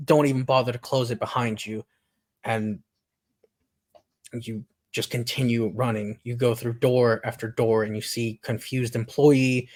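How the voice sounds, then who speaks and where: A man narrating a tabletop game as game master, telling the scene in a steady storytelling way with dramatic pauses. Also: mid-range voice.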